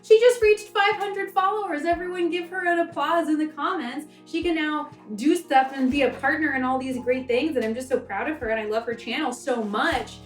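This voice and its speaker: A woman's voice: sits high, normal speed, hardly any pauses, soft background music. A young woman from the American South, chatting and rambling while she cooks for her vlog. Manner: rambling, chatty, self-interrupting. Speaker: cooking vlogger. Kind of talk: casual cooking vlog chat. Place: home kitchen. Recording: echoey kitchen, mic far off.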